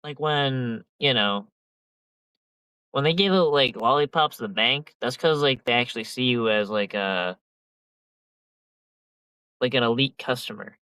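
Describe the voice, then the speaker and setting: A young man talking loosely on a podcast, rambling through slang, swearing and a lot of filler. His voice sits at an ordinary middle pitch. It is recorded close and dry, with almost no room sound. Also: measured pace, pauses often, bright, forceful tone, clear, resonant tone, dry recording, poor audio. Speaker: podcast host. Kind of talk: casual chat.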